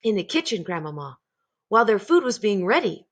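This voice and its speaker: A woman's voice: mid-range voice, big pitch swings, fairly quick. A woman reading aloud, voicing a clever young boy who speaks eagerly and earnestly.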